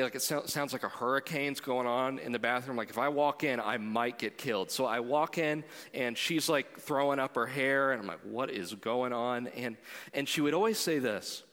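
In a big-room sound, a male pastor with a mid-range voice delivers his sermon conversationally. He shifts from loud appeals to the congregation to quiet stretches of storytelling.

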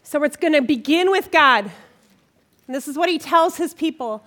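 A middle-aged woman giving a conversational sermon at a church gathering, animated and emotional, often checking in with her listeners. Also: high voice, normal speed. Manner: animated, emotional, frequent "okay?" check-ins. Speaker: women's ministry speaker.

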